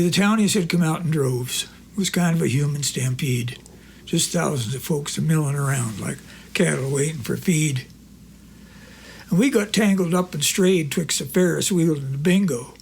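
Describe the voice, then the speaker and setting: Gravelly-voiced cowboy poet guy, folksy drawl, telling yarns and rhymes on stage. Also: on the high side, moderate pace, a little hiss or hum. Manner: folksy drawl with rural slang. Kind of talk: reciting cowboy poetry and telling stories on stage.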